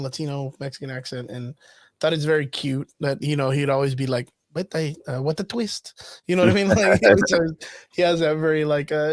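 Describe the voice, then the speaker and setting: A man co-hosting a casual livestream chat, talking in an animated way and laughing easily. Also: fairly high pitch, dry recording, studio quality. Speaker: podcast co-host.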